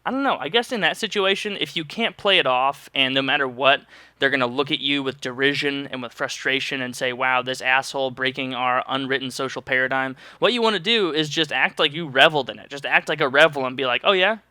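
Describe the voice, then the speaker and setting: A man's voice: on the high side, expressive, quick pace, sharp tone, no room sound, studio quality. A young man vlogging to his viewers, answering their questions in a loose, joking ramble with sarcastic asides. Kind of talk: casual rambling monologue.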